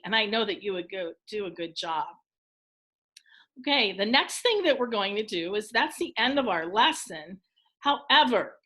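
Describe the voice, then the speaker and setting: A woman teacher leads a recorded phonics lesson for young children, encouraging them and sounding out every word clearly. Her voice is bright and fairly high, and she talks very slowly so the children can keep up. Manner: slow, encouraging, clearly enunciated. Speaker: elementary school teacher.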